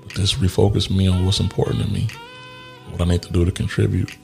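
A man's voice: deep voice, flat delivery, fast, vocal fry, a little mellow, faint music behind. A man telling a personal story in a candid, reflective way, laughing often and swearing casually as he works through grief. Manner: reflective and grieving.

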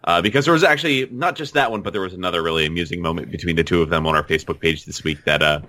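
A man co-hosting a casual podcast, easygoing and full of filler pauses. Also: deep voice, pushed and bright. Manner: easygoing, many filler uhs. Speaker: podcast co-host. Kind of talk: casual chat.

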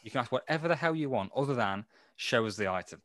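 A man's voice: mid-range voice, animated, quick pace, fairly bright tone, no room sound. A man hosting a casual podcast quiz, explaining the rules with playful asides. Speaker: quiz host.

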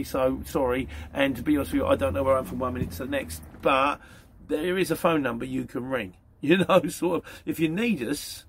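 Gravelly chatty man. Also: mid-range voice, a little hiss or hum. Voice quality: gravelly, husky. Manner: rambling, chatty, plain-spoken. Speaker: van courier channel host. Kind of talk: casual viewer Q&A.

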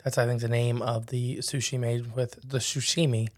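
A man's voice: medium pitch, little pitch movement, no room sound, studio quality. A man hosting a podcast, chatting casually and rambling, mocking himself and piling on facts. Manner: rambling, self-mocking, quick to add facts. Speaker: podcast host. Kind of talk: casual chat. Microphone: studio microphone with headphones.

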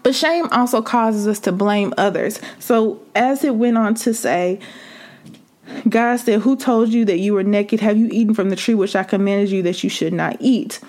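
A woman preaches a sermon with impassioned fervor, building it through repeated rhetorical questions. Her mid-range voice is a little mellow and moves at a moderate pace.

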